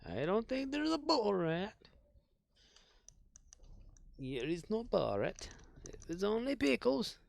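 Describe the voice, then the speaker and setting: A man's voice: high-pitched, big pitch swings, slow pace, vocal fry, pauses often, dry recording. A man streaming a game, joking and rambling playfully in casual commentary.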